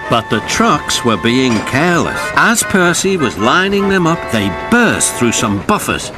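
Man, British accent, children's storybook narrator, gentle and expressive, very lively intonation, music behind. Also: medium pitch, unhurried. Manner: gentle and expressive, voicing every character himself. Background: background music.

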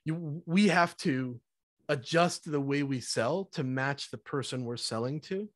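A man speaking as a podcast guest, energetic and conversational, now and then acting out little scenes in mock voices. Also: fairly high pitch, unhurried, dry recording, studio quality. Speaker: podcast guest, sales evangelist. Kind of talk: conversational interview.

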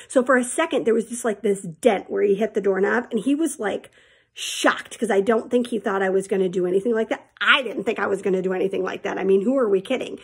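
A woman's voice: medium pitch, gravelly, husky. A woman teacher telling her students a personal story in a chatty, candid way and calling them friends.

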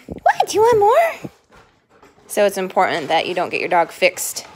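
A woman's voice: a little high, fairly bright tone. A tired woman hosting a casual home livestream, chatting with viewers and breaking off to give firm commands to her dogs, recorded on a handheld phone. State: tired and a little dizzy. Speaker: pet channel host doing a livestream. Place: messy room at home, indoors.

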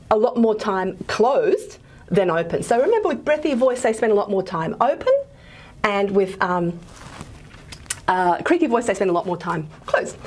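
Possibly a woman, the speaker gives a linguistics lecture over a video call, hesitating with many fillers and restarts. Her medium-pitched voice is a little mellow, and the talk is a recorded lecture.

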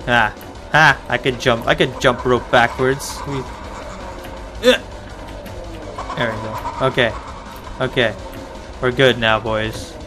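A man commentating his own gameplay, talking excitedly to the game and his audience and swearing freely. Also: medium pitch, gravelly. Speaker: let's play gamer. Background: game music.

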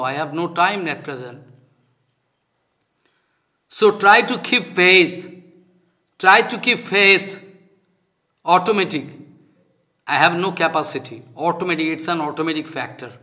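An older male spiritual teacher, Bengali by first language, delivers a devotional lecture in a high voice. He speaks slowly and emphatically, repeating his points in non-native phrasing, with a very bright, forceful tone.

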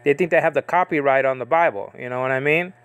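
A man teaching the Bible in a casual, rambling monologue, often correcting himself and slowly reading out Greek words. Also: mid-range voice, smooth, no room sound.

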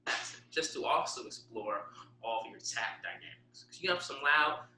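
A man's voice: medium pitch, lively intonation, normal speed, background noise. A male music teacher giving a drum lesson, counting aloud and explaining stick strokes. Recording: echoey room.

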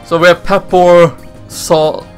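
A man's voice: sits high, flat delivery, takes it slowly, soft background music. A man casually commenting on his gameplay in a chatty way, reading dialogue aloud in voices. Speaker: let's play host.

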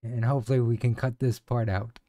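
Mellow-voiced man in gameplay commentary. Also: medium pitch, level tone, brisk, no room sound, studio quality. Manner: hesitant, self-deprecating asides. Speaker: game streamer.

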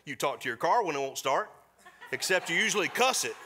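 A middle-aged man preaching a sermon in a church, folksy and storytelling, slipping into quick voiced asides. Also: sits high, expressive, bright, forceful tone, slight background noise. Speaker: pastor. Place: church sanctuary.

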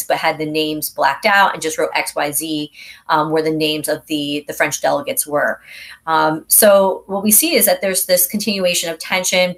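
Woman, teacher, low voice, casual review lesson, conversational, storytelling delivery. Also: fairly bright tone. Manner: conversational, explains events as a story and acts out short quotes. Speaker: history teacher.

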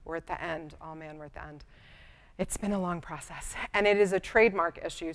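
A middle-aged woman attorney giving a lively, conversational conference talk, acting out bits of dialogue. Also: lowish voice, creaky. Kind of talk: conference presentation. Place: conference room.

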